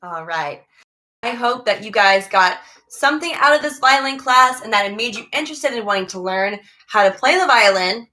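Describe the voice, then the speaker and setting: A woman's voice: on the high side, expressive, normal speed, bright, forceful tone, rough recording. A woman teaching a violin lesson online, who is losing her voice, patiently calling out note names and finger numbers.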